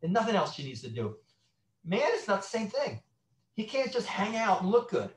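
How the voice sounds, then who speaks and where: A middle-aged man speaks as a guest sex therapist, his voice on the higher side and swinging widely as he acts out little scenes. He restarts often and tells things like stories. The sound is roomy, with echo around him. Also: moderate pace. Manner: animated storyteller, acts out quotes, many restarts. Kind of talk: conversational interview.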